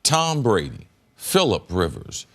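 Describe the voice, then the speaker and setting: An emphatic middle-aged man argues his case on a sports debate show, repeating himself for weight. His pitch swings widely, climbing high when he presses a point. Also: huge pitch swings, slow pace, fairly bright tone. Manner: emphatic, repeats words, rises sharply when making a point. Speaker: former pro football player turned analyst.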